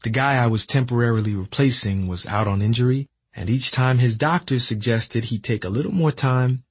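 Man, 30s, from Philadelphia, memoir audiobook, reflective, husky, dry studio sound. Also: medium pitch, dry recording. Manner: reflective, measured storytelling. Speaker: narrator reading his memoir.

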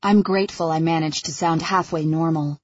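A woman narrating an audiobook in the first person, with a husky voice and an even, measured reading. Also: sits low, highs cut off.

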